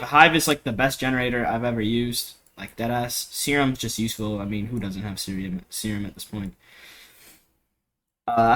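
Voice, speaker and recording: A young man with a bright, slightly sharp voice talks through a home production tutorial. He rambles loosely, heavy on slang, fillers and swearing. He speaks into a cheap desk mic in a home studio. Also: mid-range voice. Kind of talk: casual screen-recorded tutorial.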